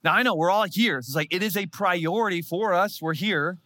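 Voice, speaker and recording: A man in his thirties preaching a sermon, telling a story with animated, self-mocking humor. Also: high-pitched, moderate pace, no echo, studio quality. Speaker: pastor.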